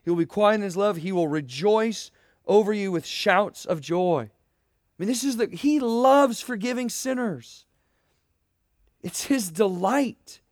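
With a high voice captured in studio quality and no room sound, a young pastor delivers an earnest, emphatic sermon. He poses rhetorical questions and speaks directly to students.

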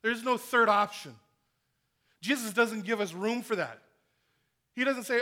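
A man preaching a sermon in an earnest style, rising to loud emphasis and dropping to hushed, near-whispered lines. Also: sits high, expressive, a little slow, pauses often. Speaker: pastor.

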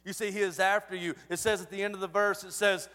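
A male pastor preaching a sermon with passion, swinging from forceful lines to sudden soft, hushed drops, often repeating his phrases. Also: sits high, flat delivery, fast talker, long reverb tail.

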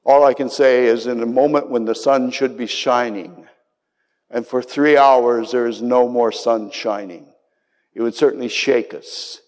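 A man's voice: mid-range voice, fairly even intonation, measured pace, darkish tone. A man preaching a sermon with passion, his voice climbing into cries on key words. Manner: impassioned, rising to cries on quoted words. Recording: long hall reverb.

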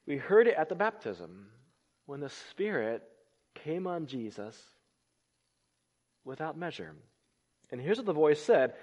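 A man preaching a sermon, swinging between loud emphatic lines and hushed, low phrases. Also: big pitch swings, a little slow, pauses often. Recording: long reverb of a large hall.

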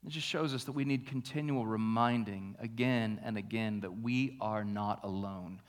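A pastor preaching a sermon, shifting between hushed, slow reflection and raised, emphatic passages. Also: male voice, fairly low pitch. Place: church.

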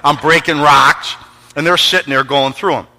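Animated preaching man, bright voice. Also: a little high, normal speed, long reverb tail. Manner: animated, acts out voices and sounds in stories. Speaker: pastor. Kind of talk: sermon with storytelling.

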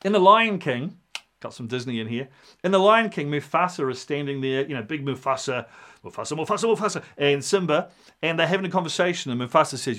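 Lively pastor preaching. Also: male voice, on the high side, brisk. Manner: animated, storytelling, acts out voices in quotes. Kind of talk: sermon.

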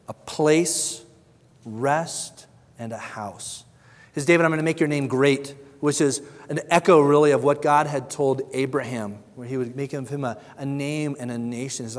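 A man's voice: medium pitch, fairly even intonation, moderate pace, in a large hall. A man preaching a sermon, earnest and conversational, who briefly acts out the voices of the people he quotes and often repeats his words. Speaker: pastor.

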